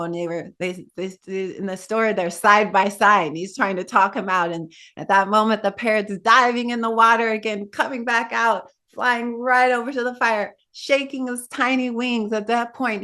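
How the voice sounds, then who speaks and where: A woman meditation teacher telling a Buddhist tale in a dharma talk, in an animated way with asides to her listeners. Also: mid-range voice, moderate pace, hardly any pauses.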